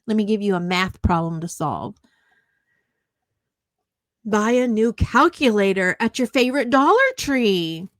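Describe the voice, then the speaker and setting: A woman's voice: medium pitch, no echo, studio quality. A woman YouTuber ranting back at online commenters, sarcastic and indignant, mocking them at length.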